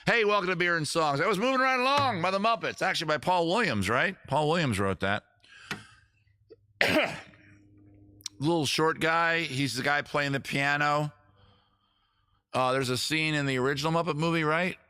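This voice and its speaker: Stream host, male, bright forceful voice, dry close sound, chatty and loose with viewers. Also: a little high, moderate pace, pauses often, clean tone, dry recording. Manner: chatty, reads viewer comments aloud and answers them. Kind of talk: casual live-stream chat. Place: seated at home on a rolling chair.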